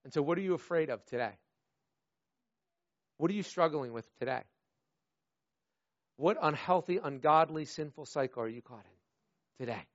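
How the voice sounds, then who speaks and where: A high-pitched man preaching with lively, theatrical storytelling, slipping into playful acted voices and then sinking into quiet, earnest appeals. The recording sounds slightly dull and lo-fi. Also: normal speed, long pauses, no echo. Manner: animated storytelling, acts out voices, drops to soft earnest tones. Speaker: pastor. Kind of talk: sermon.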